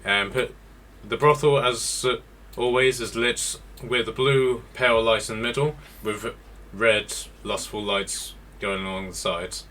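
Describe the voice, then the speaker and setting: A man's voice: lowish voice, fairly even intonation, measured pace, hardly any pauses, fairly bright tone, slight background noise. A man running a tabletop game as game master, narrating scenes with many ums and restarts.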